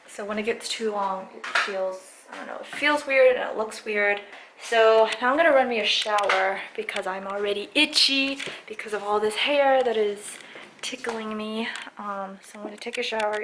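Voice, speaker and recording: A young woman talks to her camera at home in an easy, rambling vlog style. Her voice sits at a middling pitch and keeps slipping into soft half-whispers between bursts of normal talk. Frequent fillers and restarts give it a loose, unscripted feel. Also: noisy background. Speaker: vlogger. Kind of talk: casual vlog chat. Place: at home, bathroom then bedroom.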